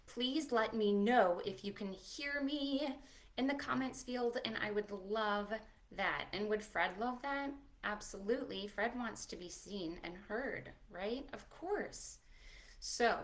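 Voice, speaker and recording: A young adult woman, a children's librarian, leading a livestreamed preschool storytime in an animated, sing-song way, talking to little children and a puppet. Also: mid-range voice, slow pace.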